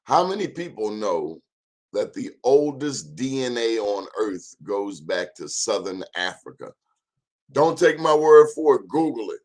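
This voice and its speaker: A man's voice: fairly low pitch, very animated, unhurried, darkish tone. A man in his fifties hosting an informal history talk, emphatic and repetitive, urging listeners to check the facts themselves. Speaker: host.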